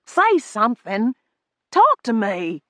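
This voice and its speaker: A woman's voice: medium pitch, a little slow, a bit bright, no echo, clean studio sound, voice pushed up, natural voice. A woman voicing a sickly young male slaveholder who issues threats and commands in an audiobook. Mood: demanding.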